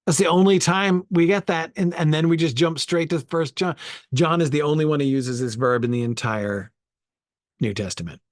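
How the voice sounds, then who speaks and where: A man's voice: fairly high pitch, moderate pace, dry recording, studio quality. A man leading an informal Bible study, thinking aloud and sounding out Greek words as he goes.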